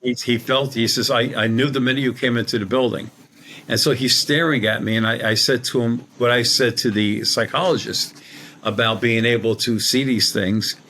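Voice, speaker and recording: Brief: middle-aged male medium guest, colloquial rambling storyteller, mid-pitched. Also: steady tone, moderate pace, sharp tone, slight background noise. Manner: rambling, colloquial, acts out quoted dialogue. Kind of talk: conversational storytelling.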